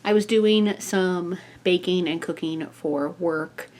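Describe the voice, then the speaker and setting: Chatty young woman with a low voice. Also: slow pace, a little mellow. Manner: chatty and upbeat, with frequent fillers and laughs. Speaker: book vlogger. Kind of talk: casual reading vlog.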